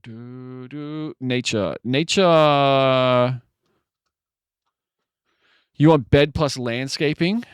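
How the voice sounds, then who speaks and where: Slow-talking man muttering guesses. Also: mid-range voice, clean tone, no room sound. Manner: muttering guesses, sudden excited outbursts. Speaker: streamer. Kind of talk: live game stream, thinking aloud.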